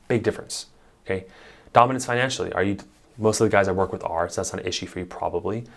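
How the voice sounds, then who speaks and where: A man's voice: sits low, fairly even intonation, quick pace, vocal fry. A man, a marriage therapist, giving blunt, emphatic advice straight to camera with casual swearing. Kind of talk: direct-to-camera advice talk.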